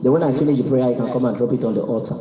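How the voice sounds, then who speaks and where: A man's voice: medium pitch, very fast. A man pastor leading prayer at a service, fervent and repetitive, giving commands in prayer. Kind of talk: sermon and prayer at a live service. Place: church service, speaking online too. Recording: muffled, roomy recording with music behind.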